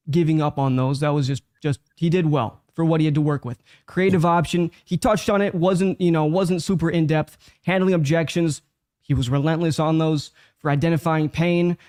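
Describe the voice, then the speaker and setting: A man's voice: a little high, a little mellow, no echo, clean studio sound. A man judging a sales call, giving direct, instructive feedback. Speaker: judge. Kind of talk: critique.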